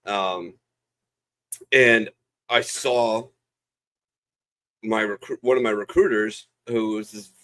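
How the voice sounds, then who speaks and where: A man's voice: on the low side, steady tone, slow pace, long pauses, fairly bright tone. A man, a veteran co-host, telling service stories in casual chat, profane and rambling with lots of fillers.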